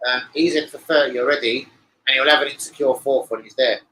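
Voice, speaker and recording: A man rambling casually to camera as a football betting vlogger, sweary and excitable. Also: medium pitch, fairly quick, breathy edge, poor audio.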